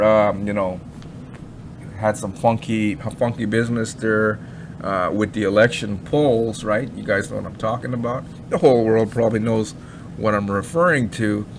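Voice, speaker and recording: A man's voice: fairly low pitch, a little hiss or hum. A man giving rambling, skeptical commentary in a casual chat, with fillers and many asides. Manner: skeptical, mocking tone. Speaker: crypto commentary vlogger.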